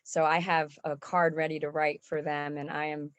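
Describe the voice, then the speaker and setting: Low, flat-voiced woman giving a heartfelt testimony. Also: moderate pace, clear, resonant tone, no room sound. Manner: heartfelt, tearful, faith-filled. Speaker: songwriting program member giving a testimonial. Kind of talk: emotional spoken testimonial.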